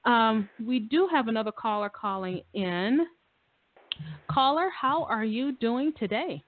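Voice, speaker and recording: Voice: mid-range voice, animated, a little slow. A radio talk show host chatting in a casual, effusive way, full of fillers and repeated phrases. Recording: dry phone-line audio.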